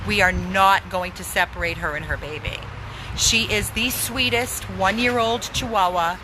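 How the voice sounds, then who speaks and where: A woman's voice: mid-range voice, normal speed, background noise. A woman who runs an animal rescue, pleading for donations, emphatic and repeating words for stress. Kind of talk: pleading fundraising appeal.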